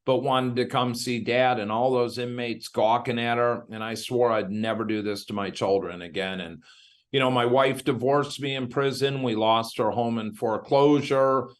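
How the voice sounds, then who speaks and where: A man from Illinois, a guest in an interview, telling his story in a candid, animated way and acting out what others said. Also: medium pitch, moderate pace. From Illinois, USA.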